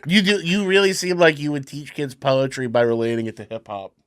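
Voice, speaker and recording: A man's voice: on the high side, steady tone, clear, resonant tone, dry recording, studio quality. Teasing man cracking jokes. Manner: teasing, quick jokes, laughs often. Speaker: comedian and podcast co-host. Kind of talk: casual comedic banter. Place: podcast studio.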